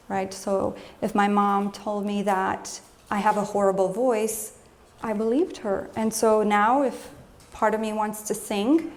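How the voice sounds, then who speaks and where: A woman with a medium-pitched, darkish, mid-range voice gives a live lecture as an emotional health coach. She keeps it conversational, poses questions to the audience, and acts out scolding voices when quoting.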